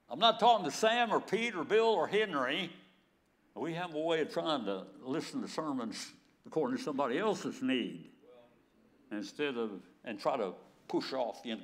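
Elderly preacher man with lively pitch. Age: 90s. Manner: storytelling, chuckles often, dramatizes scripture. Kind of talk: sermon.

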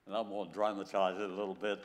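A man's voice: low-pitched, flat delivery, quick pace. A man in his nineties preaching a sermon, telling stories and chuckling often as he acts out scripture. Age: 90s.

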